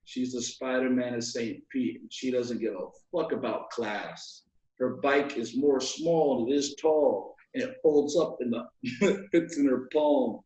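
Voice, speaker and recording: A man's voice: mid-range voice, unhurried, warm tone, highs cut off. A man in his twenties from Alaska, a guest poet reading his poems with a rhythmic, playful delivery and chatting casually. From Alaska, USA. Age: 20s. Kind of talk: poetry reading and casual chat. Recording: echoey room.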